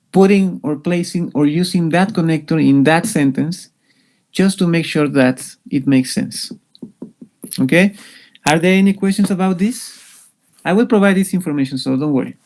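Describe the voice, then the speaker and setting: A man walks a class through English grammar in an online lesson. His voice sits a little high and he speaks slowly, pausing on fillers and restarting sentences as he explains. He sounds patient and methodical. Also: a little mellow. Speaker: English teacher.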